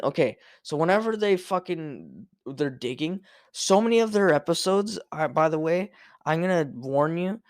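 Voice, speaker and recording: A young man talks through a solo podcast in a loose, rambling way. He swears freely and keeps restarting his sentences. His voice sits at an everyday middle pitch, and the recording is dry and close. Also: dry recording. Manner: rambling, profane, with many restarts and fillers. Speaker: podcast host. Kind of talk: casual solo podcast rant.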